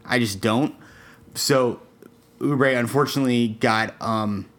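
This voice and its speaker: A young man co-hosting a casual sports podcast, talking things through in a measured, analytical way with ums and restarts. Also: medium pitch, fairly bright tone. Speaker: podcast co-host.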